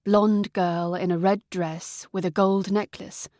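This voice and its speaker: A tall, steady young man, read by a woman narrator talks in a calm, matter-of-fact way. The audiobook voice is close and dry, with an even pitch. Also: slow, no room sound, lightly acted.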